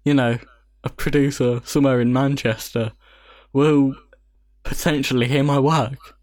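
A man's voice: medium pitch, fairly even intonation, unhurried, a little mellow, no echo. A man hosting his own podcast, chatting casually and teasing his partner with frequent laughs. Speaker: podcast host. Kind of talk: casual chat.

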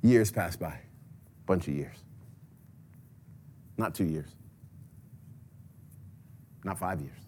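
A man preaching a sermon, telling a scripture story dramatically and swinging between loud passages and hushed ones. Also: deep voice, drawn-out words, pauses often, slight background noise. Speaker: pastor.

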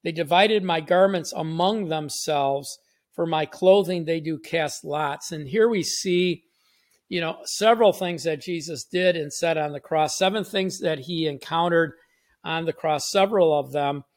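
Man, high voice, devotional host, reads scripture, earnest conversational preaching. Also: a little slow. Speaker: podcast host and Bible teacher. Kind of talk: short devotional teaching with scripture reading.

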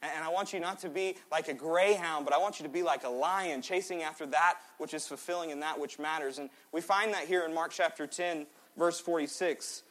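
A man in his twenties preaching a sermon in a church, swinging between loud exhortation and quiet, joking asides. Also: a little high, a little fast, hardly any pauses. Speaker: pastor. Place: church sanctuary.

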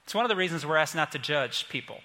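A man's voice: on the high side, lively intonation, quick pace, sharp tone, big-room sound. A man from Indiana preaching a sermon as pastor, earnest and emphatic, repeating key phrases. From Indiana, USA. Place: church sanctuary.

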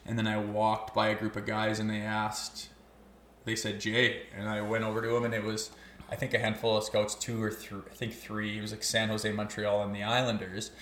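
Ex-athlete guest, lowish voice, swears freely, relaxed storyteller, roomy echo. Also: male voice, normal speed, a little hiss or hum. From Canada (Olds, Alberta). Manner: loose and profane, swears constantly. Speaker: podcast guest, former hockey player. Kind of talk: casual storytelling chat.

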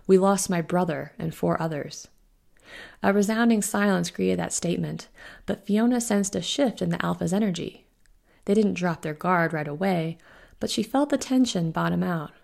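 Woman, author narrating her fantasy novel, steady, low pitch, heavy vocal fry. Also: moderate pace. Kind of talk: audiobook narration.

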